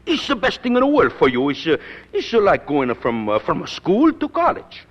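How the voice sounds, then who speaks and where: Picture an aging Italian singing teacher, talking in broken English through a heavy accent. His husky voice rises and falls with great feeling. The 1940s radio recording is dull and scratchy. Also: high-pitched, normal speed, heavily acted. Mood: encouraging. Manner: emotional, hesitant, lively. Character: fond older Italian male singing teacher.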